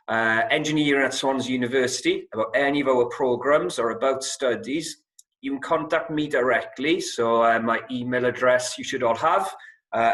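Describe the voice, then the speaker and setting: A man's voice: medium pitch, fairly bright tone, rough recording. Man hosting a university webinar. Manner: friendly, with many "uh" fillers. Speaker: admissions head and webinar host. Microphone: video call.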